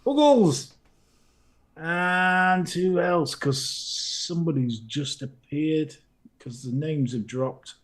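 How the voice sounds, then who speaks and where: A man's voice: fairly high pitch, fairly even intonation, slow pace, a bit bright. A middle-aged man co-hosting a live stream, greeting viewers in a playful, teasing way with lots of giggling. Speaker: livestream co-host.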